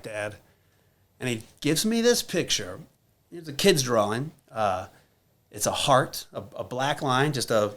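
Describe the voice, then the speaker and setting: Candid guest, a man in his thirties, straight-talking and profane, mid pitch, fillers throughout. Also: a bit bright. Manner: blunt, profane, many filler words. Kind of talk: candid conversational storytelling.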